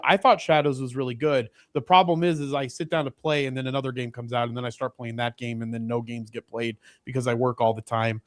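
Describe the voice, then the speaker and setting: A man co-hosting a casual livestreamed podcast, rambling with frequent restarts and asides. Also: medium pitch. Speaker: podcast co-host.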